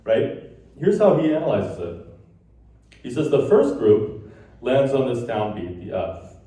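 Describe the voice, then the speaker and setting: Man, lecturer, mellow dark voice, distant mic, very echoey hall. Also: medium pitch, big pitch swings, measured pace. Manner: explains while tapping out rhythms in sung syllables. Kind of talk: conference lecture.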